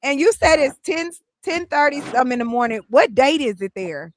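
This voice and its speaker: A woman hosting her live podcast stream. Her voice sits fairly high and the sound is dry and close, with no room around it. She talks in a relaxed way, laughing easily with her callers. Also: fairly quick, dry recording. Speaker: podcast host.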